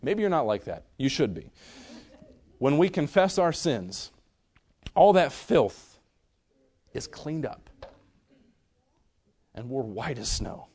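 A young man preaching a sermon in an earnest way, swinging from loud emphasis to soft, hushed storytelling. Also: medium pitch, sing-song, takes it slowly, long pauses, breathy edge.

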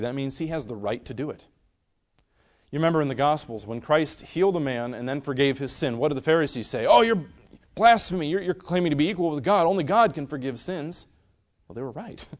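A young man preaching a sermon in an earnest way, swinging from loud emphasis to soft, hushed storytelling. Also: mid-range voice.

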